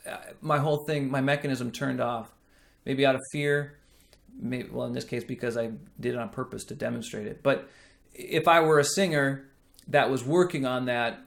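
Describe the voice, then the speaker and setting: A man teaching a singing lesson, explaining slowly and checking in with the listener as he goes. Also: mid-range voice, fairly even intonation, gravelly. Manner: slow, explanatory teaching with frequent "right?" checks. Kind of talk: singing lesson with sung demonstrations.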